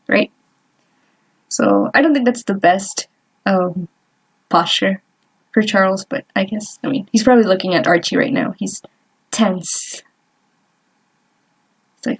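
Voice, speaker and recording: A woman's voice: mid-range voice, measured pace, pauses often, slightly rough. A young woman vlogger chatting casually while she doodles, rambling and trailing off with lots of fillers and little laughs. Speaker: artist vlogger.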